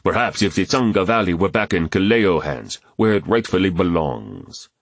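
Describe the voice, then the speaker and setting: Older chief read by a man, menacing and commanding, lowish voice, dry booth. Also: lively intonation, no room sound. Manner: commanding, measured. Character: proud, menacing older male village chief.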